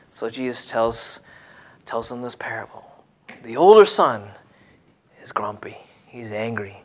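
A man preaching a sermon in an expressive way, dropping to hushed tones and then rising to emphatic points. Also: mid-range voice.

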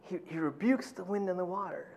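This middle-aged pastor talks a little fast, preaching as if in conversation and leaning on "you know" a lot. He voices quotations dramatically, going loud and high.

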